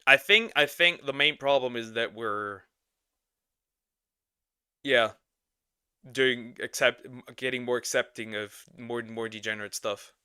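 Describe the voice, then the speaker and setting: A man giving casual reaction commentary, halting and slangy, often repeating himself. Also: medium pitch, sharp tone, clear, resonant tone, no echo, studio quality. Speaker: streamer reacting to a video.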